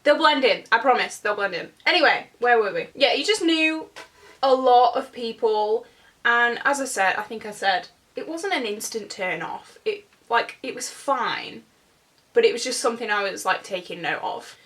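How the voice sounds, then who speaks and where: A woman's voice: fairly high pitch, expressive, moderate pace, fairly bright tone. A woman in her twenties telling a rambling storytime while she does her makeup at home, with plenty of fillers and asides. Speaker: vlogger. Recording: voice a bit distant from the mic.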